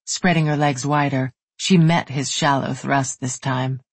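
An audiobook narrator giving a soft, unhurried, intimate reading of a romance novel. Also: medium pitch, fairly even intonation, husky, dry recording.

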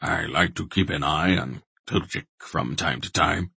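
A man reading the lines of a grim old male sorcerer who gives quiet, clipped commands in an audiobook. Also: sits low, animated, normal speed, vocal fry, breathy edge, no echo, heavily acted.

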